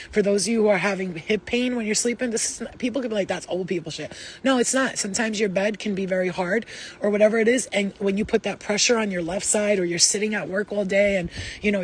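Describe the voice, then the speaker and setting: A woman's voice: mid-range voice, husky. A woman doing a live psychic reading for her viewers, rambling and emotional, with many restarts. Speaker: psychic reader.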